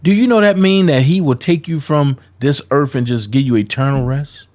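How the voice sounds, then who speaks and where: A man's voice: mid-range voice, normal speed, a little mellow. A man giving confrontational, profane commentary, calling people out in a heated rant. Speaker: commentary vlogger.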